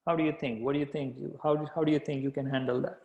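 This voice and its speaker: A man's voice: fairly high pitch, fairly even intonation, fast talker, narrow, tinny audio. A man teaching a live sales workshop, repeating key phrases and checking in with listeners with "okay?". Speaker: sales coach. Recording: echoey room sound.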